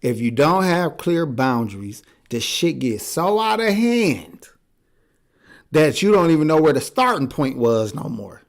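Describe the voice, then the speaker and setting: Animated, blunt, profane male podcaster. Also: a little high, measured pace. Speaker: podcast co-host. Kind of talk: casual chat.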